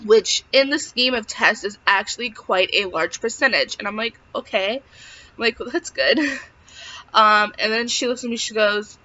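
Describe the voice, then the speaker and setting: A woman's voice: fairly high pitch, normal speed, bright, forceful tone, a little hiss or hum. A young woman telling a personal story in a casual vlog, chatty and full of filler words. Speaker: vlogger. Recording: slightly dull lo-fi sound.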